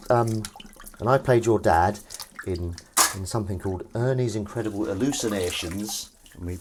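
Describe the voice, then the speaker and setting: A man with a lowish voice and moderate pace chats on a live stream while he cleans dishes. He rambles and ribs the viewers, talking to chat as he works, over running water, clattering dishes and slight background noise.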